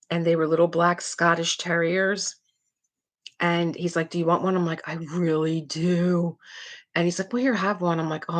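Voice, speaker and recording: A middle-aged woman hosts a live diamond painting stream, chatting casually and rambling with her viewers, trailing off and restarting as she talks. Her voice is lowish and a bit bright.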